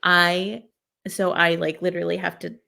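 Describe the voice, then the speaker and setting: A woman's voice: lowish voice, level tone, moderate pace, creaky, bright, forceful tone. A woman talking as a podcast guest in a chatty, frank way, often laughing. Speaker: podcast guest, stay-at-home parent. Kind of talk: casual podcast conversation.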